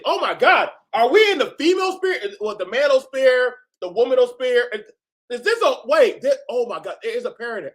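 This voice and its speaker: A man hosting a reaction video, talking in an animated, exclaiming way and laughing often. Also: very high-pitched, moderate pace. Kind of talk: reaction commentary.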